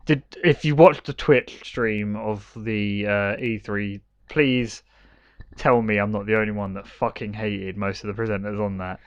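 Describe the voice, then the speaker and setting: A man co-hosting a podcast in casual chat, talking haltingly with many restarts and agreeing often. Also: fairly low pitch, steady tone, clean tone, dry recording. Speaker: podcast co-host. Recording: dull lo-fi sound.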